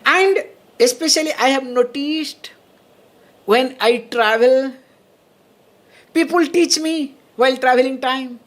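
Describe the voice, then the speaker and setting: Woman swami, fairly high voice, teaching a spiritual class with laughs and frequent check-ins. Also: takes it slowly, long pauses. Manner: checks in with listeners often, laughs between points. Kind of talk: spiritual lecture.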